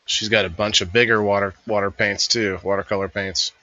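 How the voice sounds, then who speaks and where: A man's voice: fairly low pitch, little pitch movement, brisk, bright, forceful tone, no echo, highs cut off. A man hosting a casual review, thinking aloud in a rambling voice-over. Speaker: host reviewing a vendor fair.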